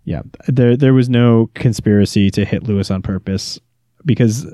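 A man co-hosting a casual podcast, relaxed and agreeable with dry humor. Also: fairly low pitch, normal speed, dry recording. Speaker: podcast co-host. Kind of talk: casual chat.

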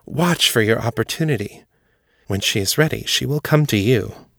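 A man's voice: mid-range voice, expressive, normal speed, gravelly, fairly bright tone, slightly rough, no echo, clean studio sound, heavily acted. Man playing a coaxing demon charmer. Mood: reassuring. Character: smooth-talking male Daedra, charming, manipulative.

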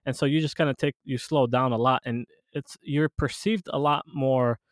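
A podcast host with a mid-range, steady voice chats casually at normal speed, rambling with lots of restarts and fillers like "you know." The recording is dry and of studio quality.

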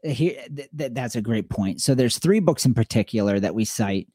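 A man co-hosting a podcast, talking casually and telling animated stories in which he acts out the people he quotes. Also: medium pitch, normal speed, slightly rough, no room sound, clean studio sound. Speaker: podcast co-host.

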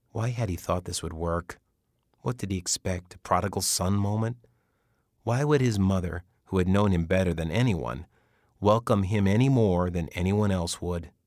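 A male narrator reads a novel in a measured, even way. His voice sits on the low side. The recording is dry and close, with no room sound. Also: no echo. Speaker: audiobook narrator. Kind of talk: scripted narration.

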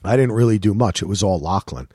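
Brief: middle-aged man, lively swinging pitch, animated swearing storyteller, dry close sound. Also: fast, slightly rough, dry recording. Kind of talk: casual chat.

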